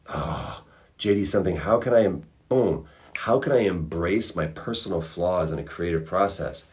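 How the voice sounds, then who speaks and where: A man hosting a casual livestream, answering fan questions with reflective advice and animated storytelling. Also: low voice. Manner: animated storyteller acting out characters.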